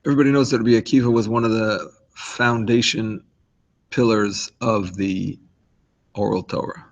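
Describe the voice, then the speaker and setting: A man's voice: lowish voice, steady tone, normal speed, highs cut off. A man giving an informal Torah lesson, talking it through conversationally with asides and restarts. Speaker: rabbi teaching a class.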